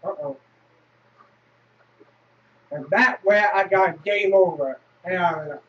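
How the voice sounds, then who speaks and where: High-voiced guy w/ yelling at a horror game, slow talker, muffled far-off mic. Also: slight background noise. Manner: frustrated, swearing, shouting at the game. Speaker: gameplay video host. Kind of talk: casual let's play commentary. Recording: distant lo-fi mic.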